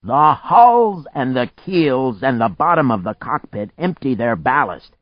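A man voicing a calm, precise man who explains things in a raised, matter-of-fact voice. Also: medium pitch, unhurried, dry recording, highs cut off, pitched above the performer's own voice. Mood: earnest.

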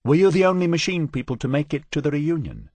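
A capable woman in an audiobook, matter-of-fact and explanatory, her voice pitched well up, as a man puts her on. Husky and dry, with lively pitch. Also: fast talker, no echo. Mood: explaining. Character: capable, well-informed woman ship owner.

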